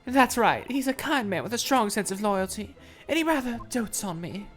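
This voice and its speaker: A woman's voice: medium pitch, expressive, moderate pace, soft background music, lightly acted. A woman voicing a prim, anxious Victorian wife in a put-on accent halfway between Southern belle and British, reading game dialogue aloud. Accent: put-on mix of Southern belle and British. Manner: prim, fretful and overly formal. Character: anxious genteel Victorian wife, middle-aged.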